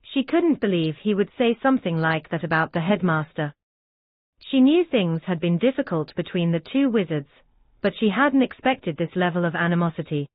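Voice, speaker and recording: A woman narrating a fan-written audiobook in an even, steady reading voice. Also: fairly low pitch, moderate pace, no echo. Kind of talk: scripted narration. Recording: dry, tinny phone-like sound.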